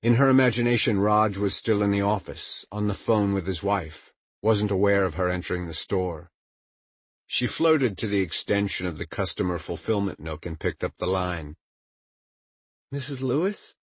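A man narrating fiction in a very low, husky voice. His delivery is measured and dramatic, and the recording is close and dry. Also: no room sound. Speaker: audiobook narrator. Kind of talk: scripted narration.

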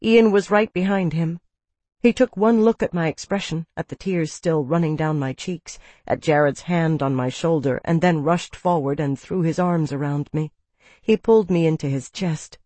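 Audiobook narrator, calm first-person read, dry close booth sound. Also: mid-range voice, moderate pace, no echo.

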